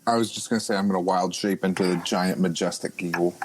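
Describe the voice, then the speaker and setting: Male tabletop player, lower voice, cocky and crude. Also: steady tone, fast, slight background noise, poor audio. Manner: brash, swearing, joking. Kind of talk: casual tabletop play.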